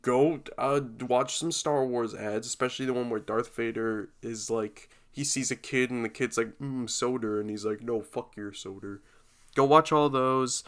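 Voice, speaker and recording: A man's voice: mid-range voice, normal speed, few pauses, a bit bright. A man hosting his own podcast, rambling casually with self-deprecating jokes, his normal speaking voice sounding glum. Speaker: podcast host.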